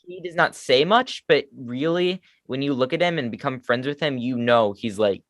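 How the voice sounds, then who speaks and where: A man's voice: medium pitch, moderate pace, a bit bright, no echo. A man co-hosting a fan podcast, talking eagerly and making fun of his own attempts. The sound is close and dry, with no room around it. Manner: enthusiastic fan talk, self-deprecating. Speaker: podcast co-host. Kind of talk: casual chat.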